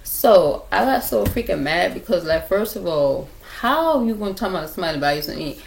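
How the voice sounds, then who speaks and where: A woman's voice: medium pitch, lively intonation, fairly quick, creaky, a little hiss or hum. A young woman telling a rambling story to her viewers in a casual chat, repeating herself and talking straight to them, recorded on a laptop at home. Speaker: vlogger telling stories.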